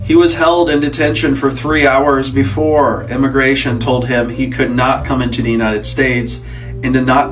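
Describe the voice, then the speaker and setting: A man reads a news-style script in a steady, matter-of-fact tone. He sounds a little distant from the mic. Plucked guitar music plays clearly underneath. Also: medium pitch. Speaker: channel narrator.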